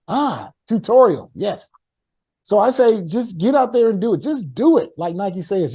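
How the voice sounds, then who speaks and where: Energetic motivational man, high voice. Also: brisk. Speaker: guest speaker. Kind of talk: online workshop talk. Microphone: video call.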